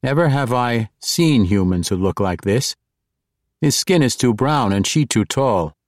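A man voicing a suspicious male dark elf who speaks tersely and gives commands. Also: mid-range voice, lively intonation, measured pace, no echo, clean studio sound, pitched above the performer's own voice, close to an everyday voice. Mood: wary curt.

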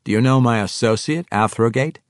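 A man voicing a calm, suave male dark-elf double agent with a cool, measured delivery, in an audiobook. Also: mid-range voice, no echo, clean studio sound, pitched above the performer's own voice, natural voice. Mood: composed. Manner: cool, measured, self-assured.

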